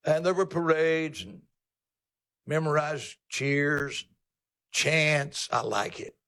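A male pastor delivering a sermon with a folksy, teasing delivery, swinging his voice up high for emphasis. His voice sits fairly high for a man and carries a gravelly, creaky texture. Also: fairly even intonation, slow, a bit bright. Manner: emphatic, folksy and teasing, with sudden pitch leaps.

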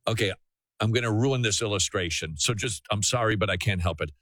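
A man's voice: fairly low pitch, brisk, fairly bright tone, dry recording. A man hosting a call-in radio talk show, preaching earnestly and often restarting his sentences.

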